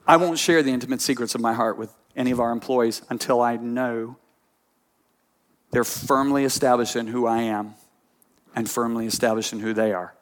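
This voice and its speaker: A man preaching a sermon as pastor, telling stories in an animated way that swings between quiet asides and emphatic points. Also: medium pitch.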